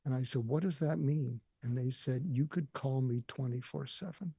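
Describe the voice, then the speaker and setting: An older man telling a deeply personal story in an earnest, emotional way, often quoting what others said to him. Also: normal speed, vocal fry, warm tone, breathy edge, dry recording, studio quality. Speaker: guest.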